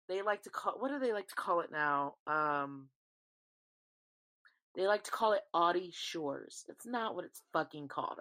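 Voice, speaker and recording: A young woman hosts a casual solo podcast, her voice lowish and a bit bright. She rambles, swears freely, and calls her listeners y'all.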